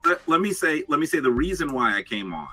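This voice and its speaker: Brief: mid-pitched male commentator, very bright husky tone, lively and animated. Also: fast talker, rough recording. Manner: animated, explains his reasons at length. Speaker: guest commentator. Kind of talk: live debate commentary.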